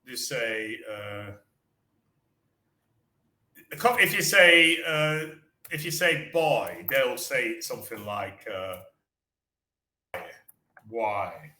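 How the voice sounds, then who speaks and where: A man with a Manchester accent teaching English over a casual online call. His voice is very bright and forceful, and the room around him rings with a roomy echo. He chats freely and repeats words slowly to show how they sound. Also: medium pitch, expressive. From England. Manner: chatty, repeats words, models pronunciation.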